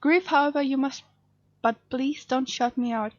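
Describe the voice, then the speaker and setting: A woman's voice: high-pitched, normal speed, no echo, muffled recording. A woman reading out the text messages of a grieving mother in a game, in a formal, pleading way, close to her own voice.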